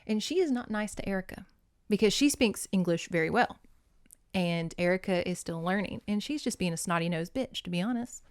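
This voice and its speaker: A woman's voice: mid-range voice, expressive, brisk, smooth, no room sound, studio quality. A woman hosting a casual book recap, chatting, swearing and laughing as she retells the story. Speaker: host reviewing books.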